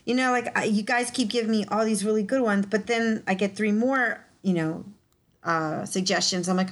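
A woman's voice: mid-range voice, moderate pace. A woman chatting playfully on a podcast, full of fillers and asides. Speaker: podcast co-host. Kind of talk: casual podcast chat.

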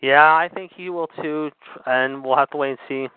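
A man's voice: a little high, moderate pace, clean tone, dry recording. A man hosting a call-in radio show, who keeps repeating filler words like however and of course. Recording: tinny phone-line sound.

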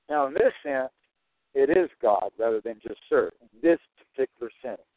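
A man's voice: medium pitch, lively intonation, normal speed, no room sound. A man teaching through a Bible passage verse by verse, stressing and repeating his key points. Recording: tinny phone-like dry sound.

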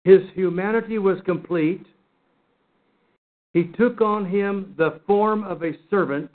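High-voiced man teaching Bible study. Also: measured pace. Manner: earnest, emphatic, repeats and restarts words. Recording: phone-like narrow sound.

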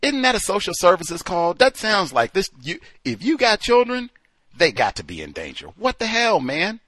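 A man's voice: high voice, huge pitch swings, normal speed, a bit bright, no echo. A man hosting a call-in show, giving emphatic, sarcastic commentary. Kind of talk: talk radio commentary.

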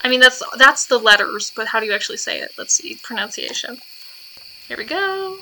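A woman's voice: on the high side, big pitch swings, fairly quick, pushed and bright, a little hiss or hum. A woman co-hosting a podcast in casual chat, talkative, laughing often and jumping between topics. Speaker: podcast co-host.

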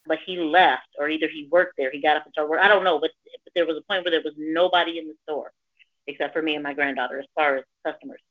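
A woman's voice: low voice, fast talker, no echo. A middle-aged woman and grandmother telling a personal story in a casual chat, acting out the voices of people she quotes. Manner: animated, acts out quoted voices. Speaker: caller sharing a story. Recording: dull lo-fi sound.

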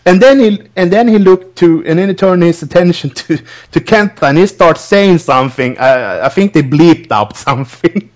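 A man's voice: high voice, lively intonation, moderate pace, hardly any pauses. A man hosting a podcast, recapping wrestling in a rambling, casual way, laughing often between restarts. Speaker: podcast host.

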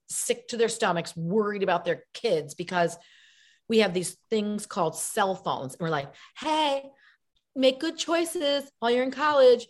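A middle-aged actress being interviewed, chatting and telling animated stories with acted-out voices. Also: female voice, on the low side. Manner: animated storyteller, acts out voices. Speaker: guest actress. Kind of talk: casual interview chat.

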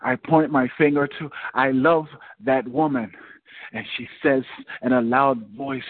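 A man's voice: mid-range voice, steady tone, measured pace, no echo. A man performing an impassioned spoken word poem after some hesitant small talk. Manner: hesitant, soft-spoken chat before reading; dramatic, rising, impassioned recitation. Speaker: guest poet. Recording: tinny phone line.

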